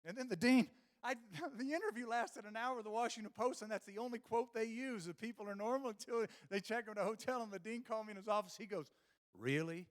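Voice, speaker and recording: A man's voice: very high-pitched, fast talker. A middle-aged man giving a humorous conference keynote on stage, telling stories with quoted dialogue and going on rants. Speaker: keynote speaker. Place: conference stage before a live audience.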